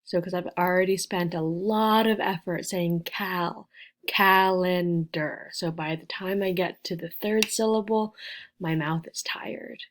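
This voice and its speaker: Slow, careful woman teaching beginner English. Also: fairly low pitch, fairly even intonation. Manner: slow, careful, spells and repeats words, clear enunciation.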